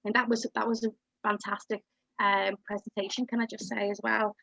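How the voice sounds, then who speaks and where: A woman's voice: mid-range voice, little pitch movement, a little fast, vocal fry, sharp tone, no room sound. A woman counsellor speaking reflectively on a video call, chatty with many fillers and restarts. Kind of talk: casual group discussion on a video call. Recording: dry, muffled video call audio.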